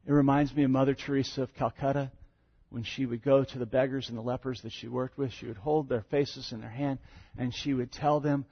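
Husky, emphatic preacher. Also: male voice, medium pitch, brisk, dull audio. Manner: emphatic, swelling loud on key words, with conversational fillers. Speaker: pastor. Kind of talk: sermon with scripture reading.

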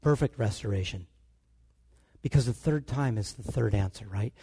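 A man preaching a sermon, telling stories with animated delivery and acting out the dialogue. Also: on the low side, moderate pace, husky.

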